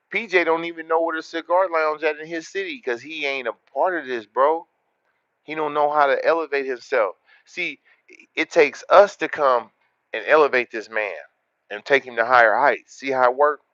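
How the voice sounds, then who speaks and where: A man's voice: fairly high pitch, no echo. Boastful man livestreaming, muffled sound. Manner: loud, boastful street slang, repeats words in rapid runs. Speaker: livestream host. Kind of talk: casual livestream chat, reading the chat.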